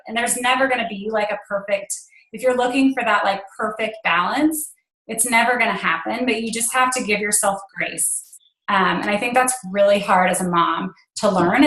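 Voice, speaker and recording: On a rough recording with echoey room sound, this guest speaker on a team call shares a personal story, earnest, filler-heavy and sometimes emotional. The woman, in her thirties, has a medium-pitched, fairly bright voice.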